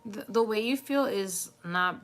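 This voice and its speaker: A woman's voice: medium pitch, measured pace. A woman doing a live tarot reading, talking in a chatty, reassuring way with many fillers and frequent laughs. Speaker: tarot reader.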